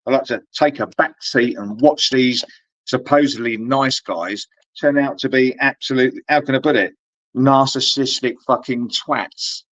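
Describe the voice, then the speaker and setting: A man's voice: medium pitch, measured pace, no room sound. Sweary man ranting casually. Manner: swears a lot, rambling and animated. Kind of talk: casual chat. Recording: dull dry recording.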